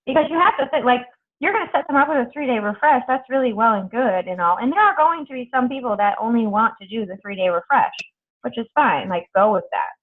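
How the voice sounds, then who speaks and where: A woman's voice: on the high side, animated, quick pace. A woman coaching her team on a video call, chatty and blunt, swearing freely. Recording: tinny phone-like video call audio.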